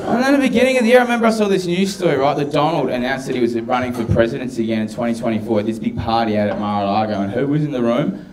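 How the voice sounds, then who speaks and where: A man doing stand-up in a dry, deadpan way. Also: medium pitch, rapid-fire, hardly any pauses. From Australia. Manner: dry, deadpan delivery of edgy jokes. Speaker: stand-up comedian. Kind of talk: stand-up routine. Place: comedy club stage with audience. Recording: live club, crowd audible.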